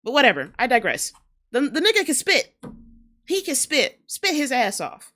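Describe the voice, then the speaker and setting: A woman's voice: high voice, wildly swooping pitch, normal speed, pushed and bright, faint music behind. A woman with a New Orleans accent hosting a casual reaction show, talking bluntly and profanely in heated rants. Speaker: host reacting to rap videos.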